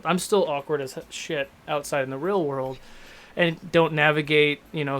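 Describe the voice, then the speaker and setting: A man's voice: fairly high pitch, fairly bright tone. A man in his thirties, a game master and show host, talking candidly in a rambling, self-deprecating way in a casual panel discussion.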